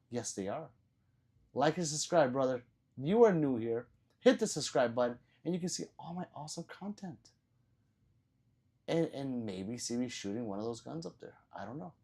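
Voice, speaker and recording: Lively-pitched male livestream host. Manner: laughs often, swears casually, reads viewer comments aloud. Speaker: livestream host reading chat. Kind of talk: casual live-stream chat.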